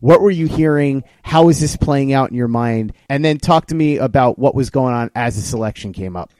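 A man hosting a podcast, telling a story in an excited, animated way to his co-host. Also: mid-range voice, a little fast, no room sound. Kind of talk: casual podcast chat.

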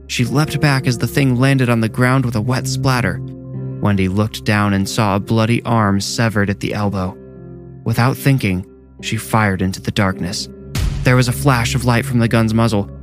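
A man with a low voice reads a horror story in a slow, measured way. Faint music plays softly under his scripted narration.

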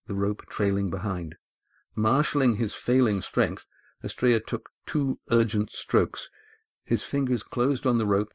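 A man with a low voice reads an audiobook chapter in a measured, even manner. The sound is close and very dry, with no room heard around him, and he is on a studio mic. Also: dry recording. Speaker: narrator. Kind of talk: audiobook narration.

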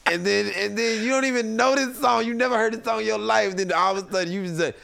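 A man telling a funny story in casual chat, animated and laughing often, acting out other people's voices. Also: sits high, fast talker, vocal fry, dry recording. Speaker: comedian guest. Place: home studio.

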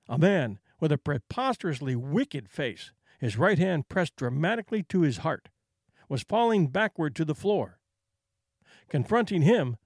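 A man narrating a short story with a measured, expressive delivery in a dry recording. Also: fairly high pitch, no room sound.

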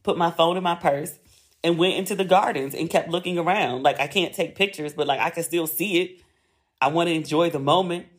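A woman hosting a podcast, telling a story in a chatty, expressive way and swearing freely. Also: on the low side, brisk. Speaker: podcast host. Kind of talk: casual storytelling monologue.

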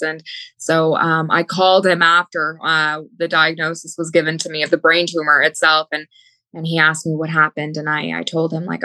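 A woman's voice: on the low side, pushed and bright, no room sound, low-quality recording. A young woman recounting a personal story in an interview with candid humor. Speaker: guest.

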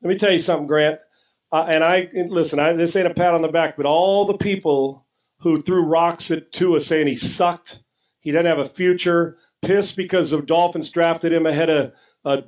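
A man's voice: on the high side, fairly even intonation, moderate pace, poor audio. A man co-hosting a sports talk show, arguing emphatically and casually with some profanity, often repeating words as he starts a sentence.

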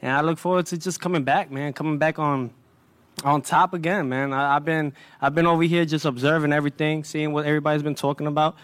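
A young man with a fairly high voice holds the floor at a boxing press conference. He is brash and swaggering, full of streetwise trash talk. The sound is close and dry. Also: dry recording.

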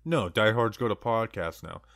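Low-voiced man, rambling and joking. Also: moderate pace, gravelly, a bit bright, no echo, studio quality. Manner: joking, rambling, lots of "like" and "you know". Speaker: podcast co-host. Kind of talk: casual sports chat.

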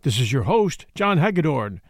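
Guy reading a memoir audiobook for his podcast, kinda high voice, very lively up and down. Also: normal speed, dry recording, studio quality. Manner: expressive storytelling, acts out quoted speech. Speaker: podcast host and narrator.

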